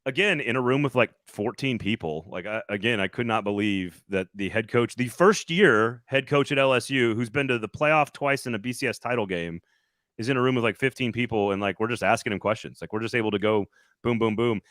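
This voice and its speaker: Reporting from media days, this podcast co-host talks fairly quickly in a mid-range voice with a fairly bright tone. He rambles through the casual sports show with plenty of restarts and easy laughs. The studio-quality audio has no echo.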